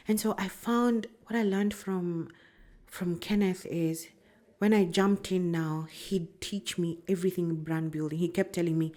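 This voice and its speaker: Lively Kenyan woman telling stories. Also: on the low side, a little slow. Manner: animated, laughs often, switches into Swahili. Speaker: brand strategist guest. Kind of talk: casual storytelling interview.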